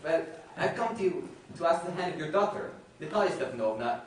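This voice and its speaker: A man's voice: a little high, animated, brisk, lightly acted. An actor plays a jittery thirty-five-year-old suitor who stammers through stiff, formal phrases on a stage play. He sounds distant, carried through a very echoey hall with a faint hum behind. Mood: nervous. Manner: flustered, stammering, overly formal.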